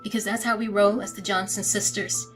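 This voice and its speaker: Woman talking straight to her followers, somber and steady, pretty monotone, music going in the background. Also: medium pitch, brisk, poor audio. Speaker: family member making an announcement. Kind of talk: personal spoken account to followers.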